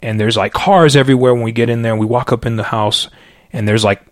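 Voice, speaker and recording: A man in a podcast interview recounts his faith testimony in an animated, filler-laden storytelling style. He calls himself a loud talker, and his voice sits at an ordinary middle pitch. The recording is close and dry, with no room sound. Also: brisk, dry recording. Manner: self-described loud talker. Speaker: podcast guest.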